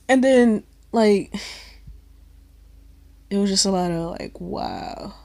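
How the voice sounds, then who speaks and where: This vlogger, a young woman from Cleveland, United States, talks slowly with vocal fry in a darkish, medium-pitched voice. Her casual story wanders, is packed with slang, and is peppered with free swearing.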